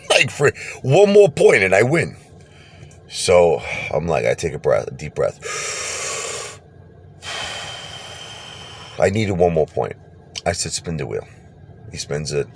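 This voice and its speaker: A man telling a personal story casually, animated, laughing and acting out what people said. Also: a bass voice, gravelly, slight background noise. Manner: animated, laughs and acts out quotes.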